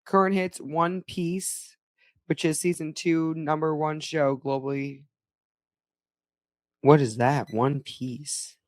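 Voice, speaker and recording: A woman's voice: low-pitched, steady tone, slow, pauses often, darkish tone, dry recording. A woman co-hosting a podcast in casual chat, ranting and swearing with mock outrage. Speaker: podcast co-host.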